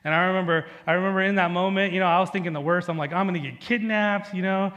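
A man preaching a Sunday sermon in a fairly high voice, talking to his congregation like friends and weaving in personal stories. His voice rings out with a long reverb, as in a large church sanctuary. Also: level tone, racing, fairly bright tone, lo-fi sound. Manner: conversational preaching with personal stories and frequent "right?". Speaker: pastor.

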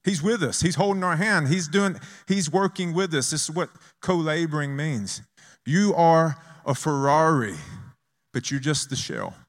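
A man's voice: a little high, a little slow. A man preaching a conversational sermon, reading scripture and having the congregation repeat lines back. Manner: lively, conversational preaching with call-and-response. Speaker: pastor.

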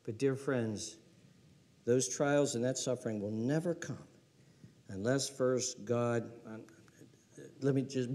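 An older male pastor preaching a sermon emphatically, asking rhetorical questions and sometimes dropping to a hushed whisper. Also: lowish voice.

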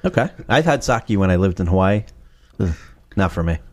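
A man hosting a casual chat, chiming in with short reactions and quick questions. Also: low-pitched, animated, darkish tone.

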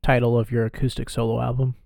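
A laid-back young man chatting on a podcast, tossing in jokes and easy laughs. His voice has a gravelly, fry-tinged edge, and the sound is close and dry with no room around it. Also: medium pitch, completely flat delivery, quick pace, dark tone, no room sound. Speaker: podcast co-host. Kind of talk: casual chat.

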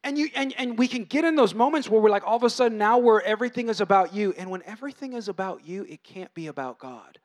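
A man in his thirties with a notably high voice preaches a sermon in a loose, chatty way. He restarts phrases, jokes about home life and acts out voices as he goes. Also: fast, hardly any pauses. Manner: conversational, animated, acts out quoted voices. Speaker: pastor.

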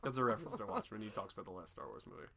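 A man's voice: lowish voice, racing, vocal fry, sharp tone. A man co-hosting a podcast in casual chat, joking and swearing freely as he discusses a film. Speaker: podcast co-host.

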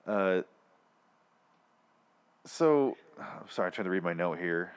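A man's voice: deep voice, slow, clear, resonant tone. A man hosting a casual podcast chat, retelling a scene with lots of swearing and laughter. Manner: profane, laughing, animated storytelling. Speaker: podcast host.

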